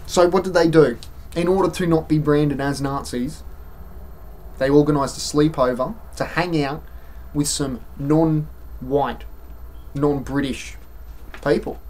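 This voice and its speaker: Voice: medium pitch, fairly even intonation, measured pace, long pauses, a little mellow. An Australian-accented vlogger delivering an exasperated, sarcastic opinion rant to camera, with mocking asides.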